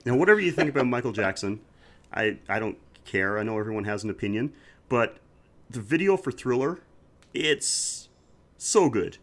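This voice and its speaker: A man with a middle-range voice and a very lively, swooping pitch chats on a podcast. He sounds enthusiastic and laughs often. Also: normal speed. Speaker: podcast co-host. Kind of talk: casual chat.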